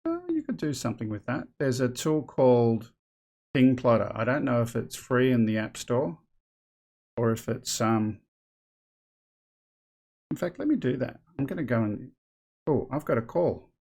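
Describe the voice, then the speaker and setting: A man chats through a live stream in a loose, rambling way, thinking aloud as he goes. His voice sits at an ordinary middle pitch for a man. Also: sing-song, normal speed, long pauses, a little mellow. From Australia. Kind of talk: casual live stream chat.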